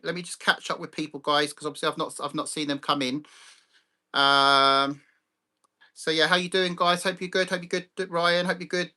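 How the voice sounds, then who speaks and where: Live-stream host, man, bright and forceful, blunt and sweary. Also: sits high. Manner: blunt, sweary, ranting, greets chat viewers by name. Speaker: livestream host.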